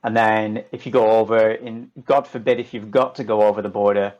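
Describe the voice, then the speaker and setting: A man's voice: on the low side, level tone, a little fast, a little mellow, muffled recording. A middle-aged man from northern England with a Lancashire accent, chatting as a podcast guest in a jokey, swearing way. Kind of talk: casual chat.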